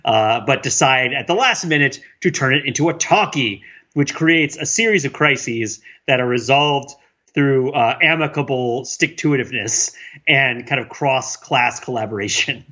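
A man's voice: mid-range voice, normal speed, bright, forceful tone, lo-fi sound. A man chatting casually about a movie, laughing often and restarting his sentences a lot. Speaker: film podcast co-host. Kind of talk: casual chat.

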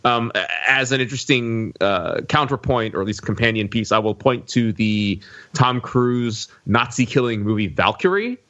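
A man co-hosting a film podcast, talking thoughtfully and filling pauses with ums and you-knows. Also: medium pitch, expressive, fairly bright tone, lo-fi sound. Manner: thoughtful, filler-heavy. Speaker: podcast co-host. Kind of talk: casual chat.

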